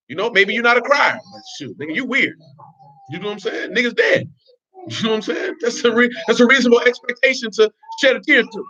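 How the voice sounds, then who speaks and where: A man's voice: extremely high pitch, bright, forceful tone. A man giving informal, blunt religious teaching in streetwise slang, with laughing asides. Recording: dull lo-fi recording.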